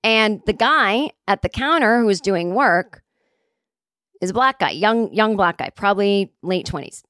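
A woman's voice: medium pitch, animated, measured pace, fairly bright tone, dry recording, studio quality. A woman in her forties telling a casual, rambling anecdote. She mocks herself and swears freely. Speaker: comedic storyteller.

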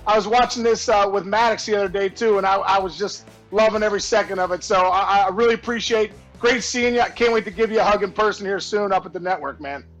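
A man being interviewed, telling a story with animated energy, shouting out the punchlines, acting out other people's voices, and laughing often. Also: high-pitched, quick pace, hardly any pauses, soft background music, low-quality recording. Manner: lively, acts out quoted voices and shouts punchlines; laughs often, warm and effusive. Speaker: guest, former baseball player. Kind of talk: animated storytelling in casual chat.

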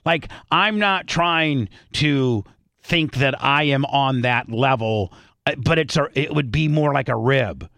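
A man's voice: mid-range voice, slow pace, vocal fry, a bit bright, no echo. Rambling radio host man, dry studio. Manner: rambling, restarts often, half-sings rap lyrics. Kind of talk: casual studio banter.

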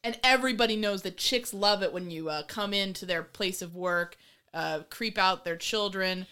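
A woman co-hosting a casual movie-review chat, ranting in an animated, exasperated way with swearing and mocking voices. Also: mid-range voice, moderate pace, clean tone. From of Irish descent. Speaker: podcast co-host.

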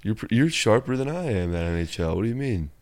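A man's voice: lowish voice, big pitch swings, quick pace, darkish tone. A man co-hosting a casual sports betting talk, laid-back, laughing often and swearing casually. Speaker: podcast co-host.

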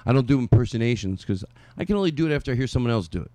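A man's voice: animated, racing, warm tone, no room sound. A man hosting a studio comedy podcast, his voice sitting in a middle register. He talks in a loose, playful way and drifts into goofy impressions. The sound is dry and close, with no room around it. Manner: playful, breaks into silly impressions and high squeaky voices. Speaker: podcast host. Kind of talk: casual comedic chat.

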